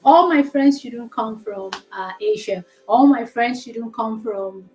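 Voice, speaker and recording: A woman's voice: on the high side, animated, takes it slowly, darkish tone, rough recording. A woman with a Nigerian accent hosting a casual educational discussion, explaining things in a chatty, joking way. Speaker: host.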